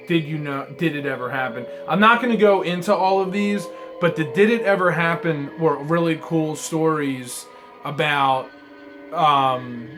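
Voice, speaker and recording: A man reviewing trading cards in a casual vlog, rambling and swearing, swinging between mumbled asides and excited outbursts. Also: fairly high pitch. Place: apartment room.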